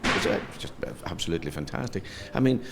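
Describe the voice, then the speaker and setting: The recording is very noisy. Through it comes a low, lively male voice talking fast: a middle-aged comedian from Donegal, Ireland, swapping anecdotes in a casual interview and stumbling over repeated words.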